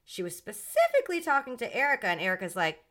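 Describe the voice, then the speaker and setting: A woman's voice: a little high, huge pitch swings, quick pace, a bit bright. A woman hosting a solo podcast, outspoken and sassy. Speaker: podcast host.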